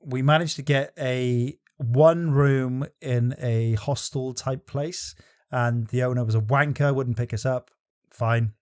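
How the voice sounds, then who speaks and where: Brief: young male co-host, profane storyteller, mid-pitched, casual podcast chat. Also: fairly even intonation, takes it slowly, darkish tone.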